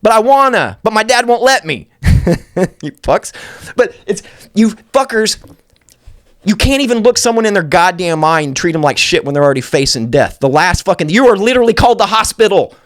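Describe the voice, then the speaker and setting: A man's voice: sits high, animated, fairly quick. A man hosting an uncensored podcast, ranting angrily and swearing constantly. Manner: angry, profane ranting. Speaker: podcast host.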